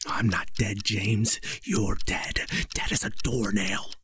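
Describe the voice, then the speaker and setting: A man voicing a cruel, gleeful undead man in a creepy audio story, speaking in a hushed, mocking tone. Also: fairly low pitch, fairly even intonation, slow, breathy edge, heavily acted.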